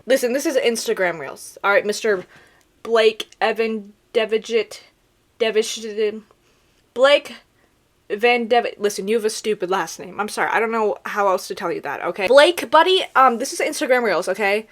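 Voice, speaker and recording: A woman's voice: on the high side, moderate pace. Sarcastic young woman doing comedy commentary. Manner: sarcastic, animated, laughing asides. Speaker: reaction video creator.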